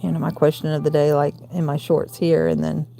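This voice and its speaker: A woman in her forties with a gravelly voice and a Southern US accent, hosting a late-night crochet livestream from home and counting stitches aloud between chatty asides. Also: sits low, little pitch movement, a little fast, dark tone, a little hiss or hum. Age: 40s. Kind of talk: casual crochet tutorial chat.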